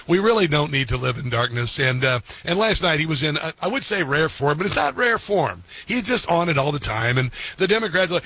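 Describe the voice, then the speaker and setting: A man hosting a talk radio show, chatting in an excitable, rambling way with many fillers. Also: on the high side, brisk, hardly any pauses, breathy edge, muffled recording. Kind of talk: casual opinionated talk radio.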